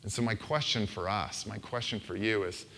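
A man's voice: lowish voice, steady tone, moderate pace, vocal fry, a bit bright, a little hiss or hum. Playful, conversational male preacher. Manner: conversational and playful, acts out quoted voices. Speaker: pastor. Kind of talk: sermon. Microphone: handheld microphone.

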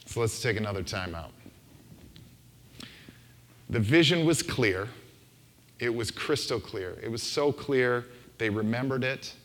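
A man's voice: medium pitch, expressive, measured pace, long pauses, a bit bright. A male pastor gives a sermon into a handheld microphone. His delivery is casual and talky, and he slips into quoted voices to make his points. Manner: conversational and playful, acts out quoted voices.

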